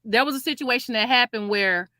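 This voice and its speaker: A woman hosting a livestream, talking in a rambling, defensive way with many halting restarts. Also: on the high side, bright, forceful tone, dry recording, clean studio sound. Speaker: livestream host. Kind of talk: casual livestream talk.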